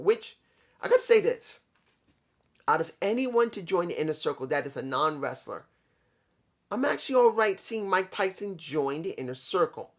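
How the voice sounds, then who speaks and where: A man's voice: high voice, a bit bright. Rambling man chatting to his viewers. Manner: rambling, repeats himself, talks straight to viewers. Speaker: wrestling show reviewer. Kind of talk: casual review vlog.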